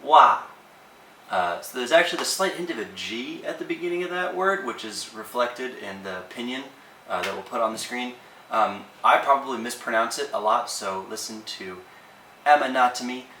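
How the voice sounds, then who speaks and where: A man teaching language tones in a casual, relaxed lesson, with plenty of ums and uhs. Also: medium pitch, moderate pace, reverberant, distant mic, slight background noise, rough recording.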